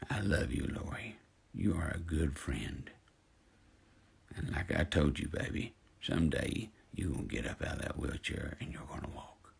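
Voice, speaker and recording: Deep gravelly man in his fifties, ranting. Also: lively intonation, normal speed. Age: 50s. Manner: indignant, preachy, addresses followers directly. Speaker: social media personality. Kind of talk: angry direct-to-camera rant.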